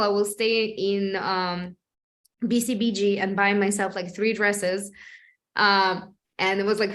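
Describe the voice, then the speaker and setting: A woman's voice: mid-range voice, fairly bright tone. A woman from Russia with a Russian accent, hosting a podcast and talking casually with lots of "like, you know" fillers. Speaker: podcast host. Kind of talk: casual interview chat.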